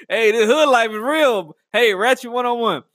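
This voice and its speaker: A man riffing through a casual comedic monologue, animated and rambling, laughing at his own jokes. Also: very high-pitched, measured pace, dry recording, studio quality. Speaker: comedic vlogger.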